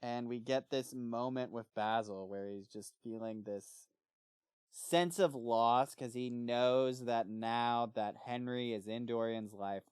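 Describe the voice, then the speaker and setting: A man's voice: on the low side, clean tone, no echo, studio quality. A man co-hosting a book club podcast, chatting casually and now and then acting out lines in playful voices. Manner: animated, acts out character lines in jokey voices.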